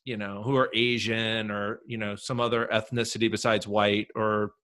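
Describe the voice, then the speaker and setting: A man's voice: lowish voice, level tone, normal speed, bright, forceful tone. A man hosting a podcast, asking questions in a chatty, informal way that rambles. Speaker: podcast host. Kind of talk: casual interview chat.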